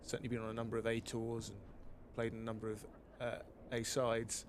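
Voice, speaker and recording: A man giving expert analysis as co-commentator on a live cricket broadcast, measured and thoughtful. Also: mid-range voice, monotone, slight background noise.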